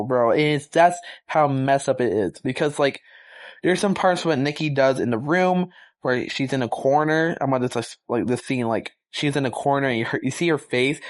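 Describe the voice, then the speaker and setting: A young man casually reviewing a movie, excited and rambling, full of slang and fillers. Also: medium pitch.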